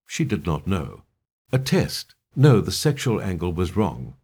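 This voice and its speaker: A man reading a thriller aloud in steady, even storytelling narration. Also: deep voice, a little slow, slightly rough.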